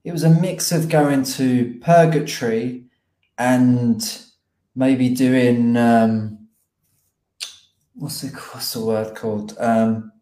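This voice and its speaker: A man talking in an easy, reflective way, often poking fun at his old habits. His voice sits at an ordinary pitch. It carries a noticeable room echo. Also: fairly even intonation, takes it slowly, warm tone. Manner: reflective, self-deprecating, chatty. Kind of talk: casual chat. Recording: roomy echo.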